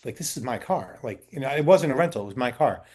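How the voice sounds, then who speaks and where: Fast and expressive, with a medium pitch and a darkish tone, a male talent agent answers interview questions indoors in a relaxed way. He tells drawn-out anecdotes, acts out the people he's quoting, and frequently restarts or uses fillers.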